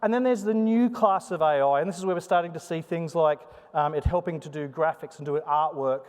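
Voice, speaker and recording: A somewhat high-voiced man gives a live conference talk, his intonation rising and falling in a sing-song way. He jokes and chats with the audience. The sound carries a long reverb from the hall. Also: brisk, clear, resonant tone. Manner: chatty, joking, animated delivery. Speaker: conference presenter.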